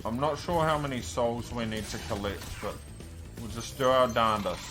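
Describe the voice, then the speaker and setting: A man commenting on his own speedrun as he plays, talking to himself, often frustrated, swearing and shouting at enemies. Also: medium pitch, normal speed, music in the background. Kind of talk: live gameplay commentary.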